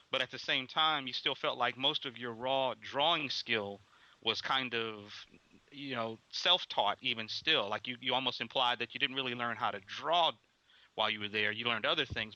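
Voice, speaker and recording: A man hosts an interview, circling through long questions and stumbling over repeated words. His voice has a very bright, sharp edge. The recording is dry and slightly dull, without any room echo. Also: mid-range voice. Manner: rambling, repeats words while forming questions. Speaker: interview host.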